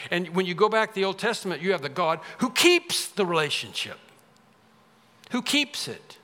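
A man's voice: high voice, animated, moderate pace, bright, forceful tone, big-room sound. A man preaching a sermon, reading scripture aloud and explaining it in an earnest, conversational way. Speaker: pastor.

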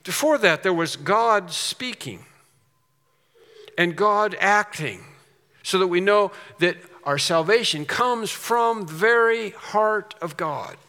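A man's voice: high-pitched, lively intonation, takes it slowly, sharp tone, in a large hall. A man preaching a sermon as a pastor, earnest and emphatic, with storytelling asides.

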